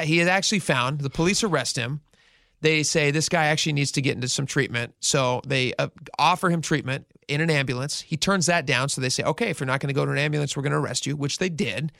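A male radio host telling a news story in casual, animated talk and acting out the quotes. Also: fairly high pitch, dry recording, clean studio sound.

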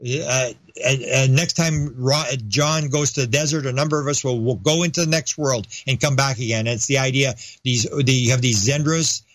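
A man's voice: medium pitch, normal speed, hardly any pauses, a bit bright, no echo. A man talking as a podcast guest in casual interview chat. He rambles, restarts his sentences, and slips into raised voices when he acts out quoted dialogue.

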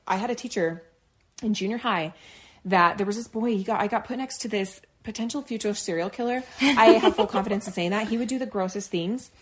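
Woman, 30s, podcast co-host; casual animated storyteller, mid pitch. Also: brisk. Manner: animated, laughing, acts out quotes.

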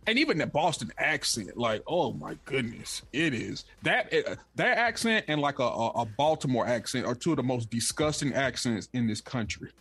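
A man's voice: medium pitch, very animated, moderate pace, few pauses, fairly bright tone, breathy edge. A man co-hosting a podcast, ranting casually and emphatically about sports rivals with stammered restarts.

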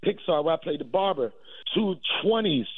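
A man, a comedian guest, jokes and brags in a playful comic riff during a radio interview. His voice sits a bit high and comes through dry and tinny, like a phone line. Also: animated, normal speed, no echo. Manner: boastful, playful comic riffing.

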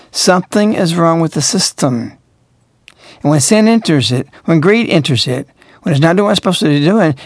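A man's voice: a little high, no room sound, studio quality. A man hosting a radio talk show, delivering emphatic, moralizing commentary full of rhetorical questions.

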